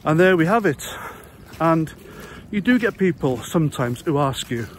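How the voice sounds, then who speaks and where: A man's voice: a little high, lively intonation, normal speed. British bloke in his 40s, sarcastic and sweary, huffing along a country path with his phone, wind and outdoor noise all over it. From Britain. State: breathing heavily while walking. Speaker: vlogger, ex-soldier and ex-prison officer. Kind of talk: sarcastic walking vlog monologue. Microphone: handheld phone camera. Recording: outdoor noise while walking.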